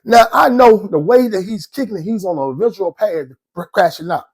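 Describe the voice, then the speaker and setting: A man tells his own story casually, rambling in slang and repeatedly asking "you know what I'm saying" to check in with the listener. His voice is high, a little fast and a little mellow, with a slightly rough texture.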